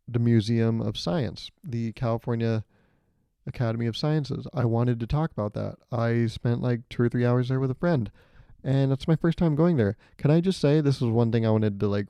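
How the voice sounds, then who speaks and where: A young man hosting his own podcast, riffing in an animated, profane way, recorded close on a mic. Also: vocal fry, clean tone, no echo, highs cut off. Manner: animated, profane, riffing with jumps to high pitch. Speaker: podcast host. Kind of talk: solo comedic podcast monologue.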